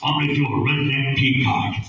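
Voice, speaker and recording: A man's voice: medium pitch, little pitch movement, brisk, over loud music, pitched below the performer's own voice, natural voice. A ventriloquist voicing a brash, wisecracking male bird puppet that heckles the crowd and croons in snatches on a bar stage. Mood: crooning. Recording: echoey club from far off, noisy.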